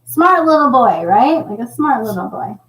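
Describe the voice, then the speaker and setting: A middle-aged woman hosting a casual livestream, chatting and reading viewer comments with a laughing, animated manner. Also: on the high side, moderate pace, reverberant, rough recording. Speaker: livestream host.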